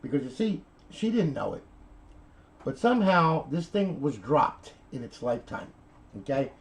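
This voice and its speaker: A man's voice: on the high side, sing-song, normal speed, rough recording. A middle-aged man telling a console repair story in a chatty, rambling way, checking in with okay and all right as he goes. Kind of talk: rambling casual video talk.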